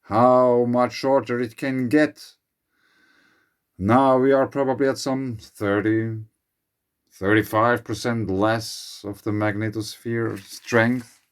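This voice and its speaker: A man with a Finnish accent, speculating in a slow, musing monologue as host of his channel, his English phrasing a little uneven. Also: medium pitch, fairly even intonation, clean tone.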